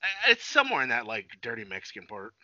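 A podcast co-host trades casual, profane banter, joking a lot and often trailing off mid-sentence and restarting. His medium-pitched voice swings hugely in pitch, quick and sharp, on a dull lo-fi recording with no echo.

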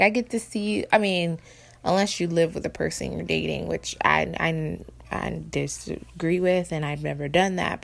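A woman's voice: fairly low pitch, creaky. A woman in her thirties co-hosting a casual couple's podcast, talking candidly and reflectively, rambling with restarts. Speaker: podcast co-host.

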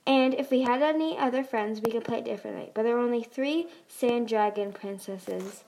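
A woman reading a bossy dragon girl, loud and impatient, storybook voice, a bit high. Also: fairly quick, natural voice. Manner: commanding, impatient. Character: bossy young female sea dragon.

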